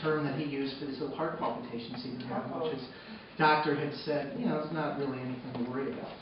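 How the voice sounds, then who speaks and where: A man telling a personal story on stage, moving between hushed, sombre narration and loud, excited retelling. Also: medium pitch, fast talker. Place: arts center stage before a live audience. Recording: echoey hall from far off, dull and noisy.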